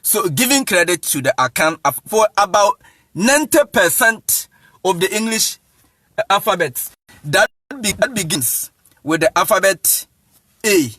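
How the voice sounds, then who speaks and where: A man with a high, bright voice talks slowly and with emphasis as an evangelist, spelling words out letter by letter and laughing often. He speaks straight to his listeners. The sound is dry and close. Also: expressive, slightly rough, dry recording. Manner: addresses listeners directly. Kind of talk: lecture-style talk.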